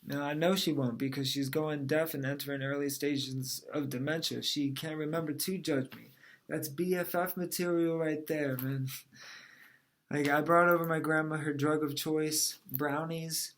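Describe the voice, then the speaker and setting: A man's voice: a little high, fairly even intonation, moderate pace, fairly bright tone. A man in his thirties from New Orleans, telling stand-up jokes in a dry, conversational way. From New Orleans, USA. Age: 30s. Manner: dry, conversational joke delivery. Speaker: comedian. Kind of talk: stand-up set.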